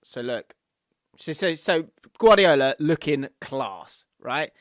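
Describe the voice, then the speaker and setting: Bloke reading out listener messages on a podcast, slightly high voice, laughs a lot, dry close sound. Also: male voice, expressive, takes it slowly, no echo. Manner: laughing, reads listener messages aloud with banter. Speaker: podcast co-host. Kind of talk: casual football podcast chat.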